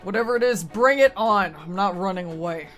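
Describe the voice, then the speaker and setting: A tough lone-wolf detective answers threats with dry wisecracks, read by a woman in her own mid-pitched voice. Faint music plays behind. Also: animated, a little fast, fairly bright tone, close to an everyday voice. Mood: defiant. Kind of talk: reading game dialogue aloud.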